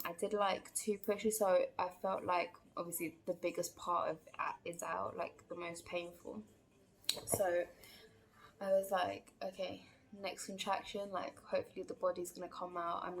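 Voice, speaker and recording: A woman's voice: medium pitch, gravelly, slight background noise. A woman telling a personal story in a casual, chatty vlog, full of fillers and acted-out quotes. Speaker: vlogger.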